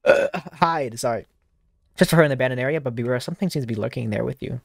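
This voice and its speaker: The recording is dry and clean, studio quality, capturing a mid-range male voice with vocal fry and a quick pace. He's a streamer rambling to himself over a horror demo, casual and full of fillers and do-overs.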